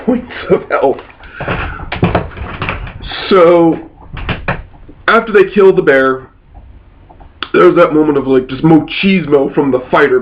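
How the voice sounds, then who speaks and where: A man's voice: fairly high pitch, highs cut off, slight background noise. A man recounting a tabletop game session as its game master, telling it casually and rambling with frequent restarts and mild swearing.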